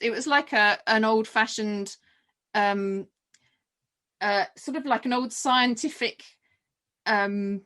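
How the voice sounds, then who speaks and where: Chatty woman telling a story. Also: a little high. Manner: chatty, animated, many fillers and restarts. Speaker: podcast guest. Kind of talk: casual storytelling chat.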